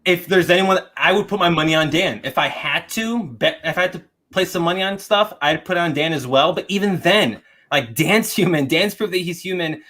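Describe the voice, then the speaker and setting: A man's voice: high voice, fairly quick, pushed and bright. A young man co-hosting a casual podcast, giving firm opinions and answering the live chat. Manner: confident, reads chat aloud, emphatic opinions. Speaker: podcast co-host.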